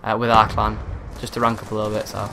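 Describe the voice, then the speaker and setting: A young man giving live commentary over a shooter game, talking quietly at home at night and swearing at other players. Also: fairly low pitch, monotone, fast, vocal fry. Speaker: gaming commentator. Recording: noisy game audio behind. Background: gunfire from the game.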